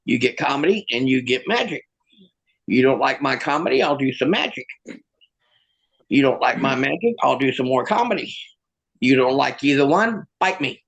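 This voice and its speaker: Self-mocking gravelly-voiced stand-up comic. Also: male voice, mid-range voice, sing-song, normal speed, pauses often, low-quality recording. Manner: stammering, self-mocking storyteller. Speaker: comedian. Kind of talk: stand-up comedy with magic. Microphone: own camera.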